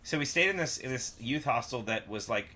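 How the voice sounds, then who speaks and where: A man's voice: medium pitch, expressive, a little fast, bright, forceful tone. A young man in a band, casually rambling through tour stories on a livestream chat and laughing often. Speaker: band member co-host.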